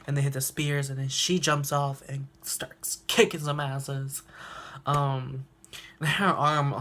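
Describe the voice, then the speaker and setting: A man's voice: on the high side, fairly bright tone. A young man recapping a cartoon episode casually, laughing often and acting out the characters' lines, recorded on a handheld phone. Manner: laughs often, acts out quotes. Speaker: reaction video host.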